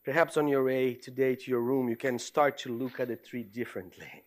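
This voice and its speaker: A middle-aged man, a theology professor, giving a reflective lecture with personal stories, in an earnest, halting way full of restarts. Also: medium pitch, fairly even intonation.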